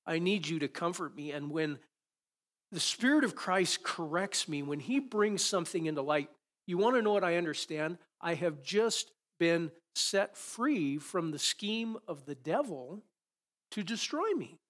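A male pastor preaching in a church sanctuary. His voice sits a little high, and he throws out rhetorical questions. His delivery swells with passion as he goes. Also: lively intonation, unhurried, a bit bright. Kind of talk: sermon.

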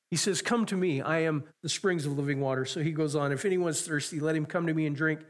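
Earnest male preacher, slightly high voice. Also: fairly bright tone. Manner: earnest, repeats phrases, stretches key words slowly. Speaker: pastor. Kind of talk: sermon.

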